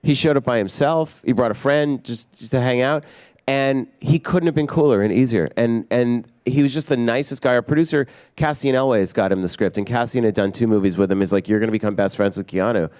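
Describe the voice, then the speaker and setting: A male film director in an interview, spilling out anecdotes with energy and slipping into other people's voices as he goes. His pitch sits in an ordinary middle range, and the sound is close and dry. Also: a little fast, clear, resonant tone, dry recording. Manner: energetic anecdotes, acting out quotes. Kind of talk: animated storytelling in an interview.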